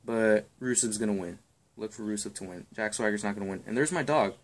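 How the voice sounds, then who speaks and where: A man's voice: lowish voice, a little fast. A young man giving wrestling match predictions in a rambling, crude, offhand chat full of ums and swearing. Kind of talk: casual chat.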